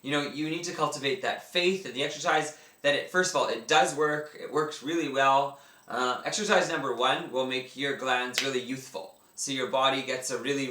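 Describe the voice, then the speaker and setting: Bright-voiced man teaching yoga breathwork. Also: a little high. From Canada. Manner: casual, enthusiastic, talks through each movement. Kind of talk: instructional talk. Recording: echoey room, mic at a distance.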